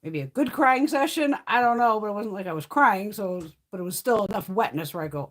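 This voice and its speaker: A woman's voice: mid-range voice, lively intonation, quick pace. A middle-aged woman hosting a beauty livestream, chatting casually and bluntly, swearing freely and answering viewers by name.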